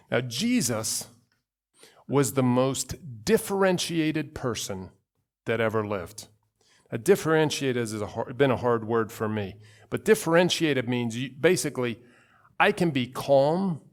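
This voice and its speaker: A male pastor with a mid-range voice delivers a conversational sermon, sharing personal stories full of asides and acting out the voices he quotes.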